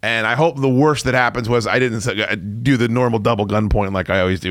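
A man's voice: medium pitch, fast, fairly bright tone, no room sound, clean studio sound. A man in his forties hosting a radio show, telling a story in a profane, self-mocking rant. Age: 40s. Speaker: radio host. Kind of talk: casual on-air storytelling.

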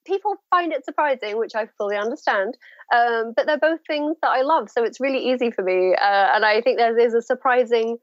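A woman author chatting in an interview, telling stories with lively asides and acting out what people said. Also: fairly high pitch, fairly quick, no echo, muffled recording. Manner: animated storytelling, acts out quoted voices.

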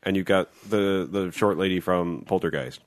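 A man's voice: low-pitched, normal speed, dry recording, studio quality. A man co-hosting a casual film review chat, wry and laid-back, often laughing. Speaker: podcast co-host.

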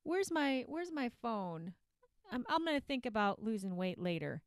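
A woman's voice: a little high, very animated, normal speed, smooth, no room sound, clean studio sound. A woman voicing a self-pitying, procrastinating dieter who rambles and keeps getting distracted by food, in a comedic skit inside a podcast. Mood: dithering. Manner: rambling, procrastinating, easily sidetracked.

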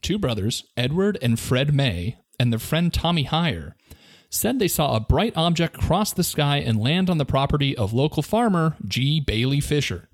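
A man's voice: a little high, big pitch swings, moderate pace, dry recording, studio quality. A man co-hosting a podcast, telling a story in a playful, joking way and laughing often. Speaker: podcast co-host. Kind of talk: casual storytelling chat.

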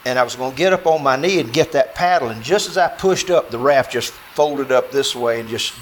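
A man's voice: mid-range voice, brisk, a little hiss or hum, poor audio. Folksy man telling a story. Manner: folksy, animated, acts out dialogue, filler-heavy. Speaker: storyteller speaking to an audience. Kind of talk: spoken true-story telling.

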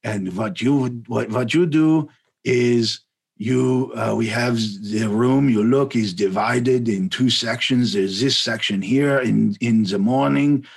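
A man voicing an unbothered older German tiger keeper with a heavy German accent, explaining in a halting, offhand way full of fillers. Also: mid-range voice, creaky, breathy edge, exaggerated voice.

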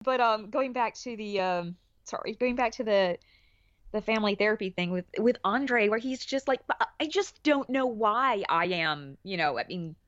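Woman podcast guest, animated chatter with laughs, dull dry lo-fi sound. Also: mid-range voice, normal speed, no room sound. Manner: animated, laughing, many restarts. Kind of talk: casual chat.

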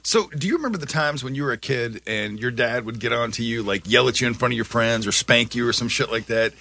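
Male podcast co-host, husky and bright, loose swearing storyteller. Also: medium pitch, fast. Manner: storytelling, swearing, acting out family members. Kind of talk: casual profane podcast chat.

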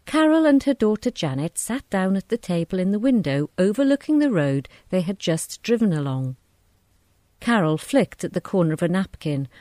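A woman reading a short story aloud in a measured, descriptive narration. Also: medium pitch, dark tone, no room sound, clean studio sound.

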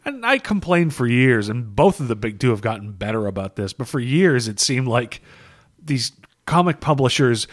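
A man's voice: mid-range voice, very animated, moderate pace. Tired, rambling man on a podcast. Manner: rambling, profane, laughs often. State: tired after a long session. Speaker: podcast co-host. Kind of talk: casual comic book podcast chat.

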